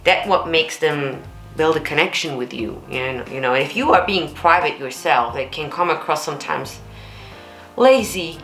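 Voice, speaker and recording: A woman talks through a performance as a vocal coach in an enthusiastic, chatty way. Her voice sits low, and the room gives back a noticeable echo while music plays faintly underneath. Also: expressive, normal speed, a bit bright. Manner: enthusiastic, chatty, repeats words often. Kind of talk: reaction commentary.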